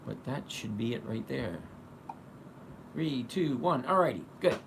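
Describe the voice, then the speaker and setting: A man's voice: medium pitch, animated, unhurried, creaky, long pauses, noisy background. A man hosting a casual live stream, chatty and greeting viewers by name as they join. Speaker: livestream host.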